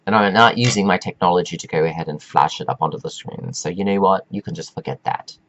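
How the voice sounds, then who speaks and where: Low-voiced man, preachy rambling talk. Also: fairly bright tone, muffled recording. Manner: meandering and preachy, drawn-out emphatic phrases. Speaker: self-help speaker. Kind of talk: rambling spiritual pep talk.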